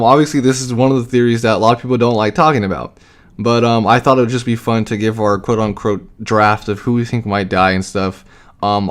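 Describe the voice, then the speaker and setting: A man casually sharing fan theories, rambling with many fillers and the odd swear word. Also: lowish voice. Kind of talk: casual chat.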